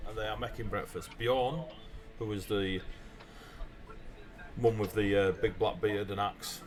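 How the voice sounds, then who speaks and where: A man narrating as game master of a tabletop game over a video call, relaxed and chuckling. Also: fairly low pitch.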